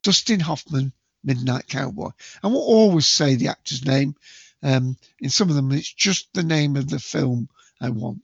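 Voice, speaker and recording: A man hosting a casual movie quiz, chatty and jokey, with bursts of loud quote acting. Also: mid-range voice, animated, moderate pace, vocal fry, husky, no echo. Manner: chatty, jokey, self-mocking, acts out movie quotes loudly. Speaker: quiz host. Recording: dull lo-fi dry home recording.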